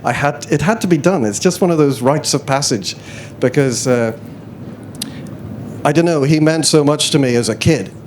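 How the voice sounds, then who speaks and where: A man's voice: a little high, moderate pace, slight background noise. A man being interviewed on stage at a festival, talking in a rambling, self-deprecating way full of hesitations. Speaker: interview guest, musician. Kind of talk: casual live stage chat. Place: festival chat tent before an audience.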